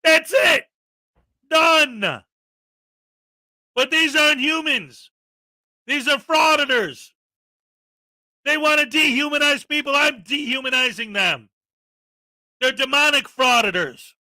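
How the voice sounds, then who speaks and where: A man hosting a reaction commentary show, ranting sarcastically and shouting often as he mocks the people in a video. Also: very high-pitched, unhurried, pauses often, no room sound. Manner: sarcastic, mocking, shouts often and acts out mock voices. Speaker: commentary channel host.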